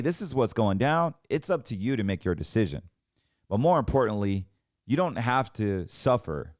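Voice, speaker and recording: A man with a low voice hosts a finance show and vents in heated, emphatic commentary, stumbling over restarts as he goes. The sound is dry and close, with almost no room around him. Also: darkish tone, no room sound. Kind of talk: ranting commentary.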